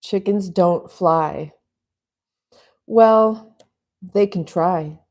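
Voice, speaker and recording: Brief: chatty stream host, woman, rambling and relaxed, low warm tone. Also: very slow. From US West Coast. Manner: rambling, chatty, laughs often. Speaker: livestream host reading chat. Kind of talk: casual live chat.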